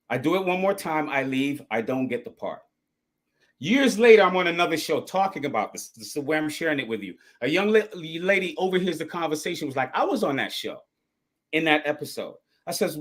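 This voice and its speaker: Man guest telling animated stories, mid-high pitch, acts out quotes. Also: a little fast. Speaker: actor and guest. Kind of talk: casual storytelling chat.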